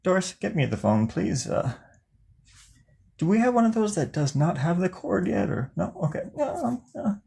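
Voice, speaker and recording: A man's voice: high-pitched, big pitch swings, moderate pace, gravelly, mellow, breathy edge. A man streaming live while drawing, chatting casually and rambling playfully through improvised mock newscaster and boss bits.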